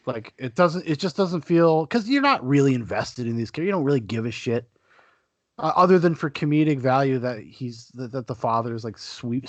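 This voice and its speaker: A man's voice: medium pitch, dry recording, muffled recording. A man hosting a casual podcast chat, swearing freely and slipping into mock-boastful rants. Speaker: podcast host.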